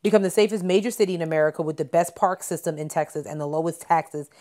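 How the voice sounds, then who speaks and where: A woman's voice: on the low side, fairly even intonation, fast, mellow. A woman podcast co-host in casual chat, reading news items aloud and adding blunt asides.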